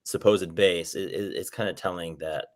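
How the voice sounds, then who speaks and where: A man co-hosting a reaction show, talking in a halting way and repeating words as he thinks. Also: low voice, fairly even intonation. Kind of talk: casual reaction chat.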